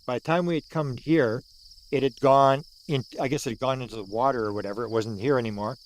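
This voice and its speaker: A medium-pitched, fast-talking man in his sixties from Canada, an older UFO researcher, gives an animated account of a sighting outdoors where it took place. He repeats words for emphasis and acts out the quotes of the people involved.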